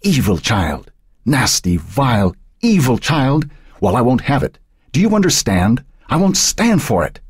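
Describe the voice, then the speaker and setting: Guy doing a furious ranting parent, rasping, pitch jumps all over, dry close sound. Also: huge pitch swings, a little slow, no echo, exaggerated voice. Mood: raging. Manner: shouting, scolding.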